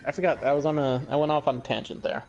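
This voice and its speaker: A young man hosting a podcast, ranting casually with lots of swearing and halting restarts. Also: fairly high pitch, steady tone, a little mellow, highs cut off, faint music behind. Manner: profane, rambling, heated ranting. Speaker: podcast host.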